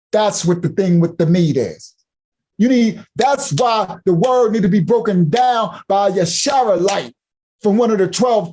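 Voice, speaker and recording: A man preaching an emphatic sermon in casual vernacular speech, repeating and hammering his points and rising now and then to shouts. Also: high voice.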